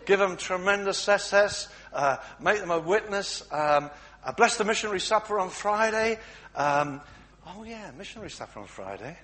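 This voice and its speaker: A man's voice: a little high, big pitch swings, moderate pace, fairly bright tone. A man voicing a flustered housewife whose prayers keep rambling off onto errands, full of self-interruptions and hesitations. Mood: scatterbrained. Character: flustered distracted praying housewife.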